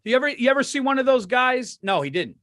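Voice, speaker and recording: A middle-aged man co-hosting a podcast, telling animated stories and acting out quotes in casual chat. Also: very high-pitched, fast, no echo. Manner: animated storyteller, acts out quotes. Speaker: podcast co-host.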